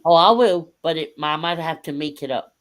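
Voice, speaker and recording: A woman's voice: low-pitched, normal speed. A woman guest in a casual group chat, teasing the others playfully and often stopping to restart what she says.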